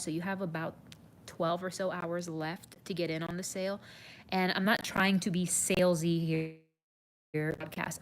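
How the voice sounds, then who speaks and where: A woman's voice: fairly low pitch, slight background noise. A woman nutrition coach talking earnestly to viewers in a live stream, often saying "you guys".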